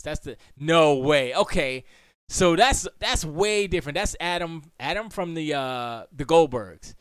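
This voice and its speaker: Animated man chatting on a live stream. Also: on the high side, clear, resonant tone, no echo. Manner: animated, rambling, answers chat, many restarts. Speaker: music producer and stream host. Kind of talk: casual live-stream chat. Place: home studio.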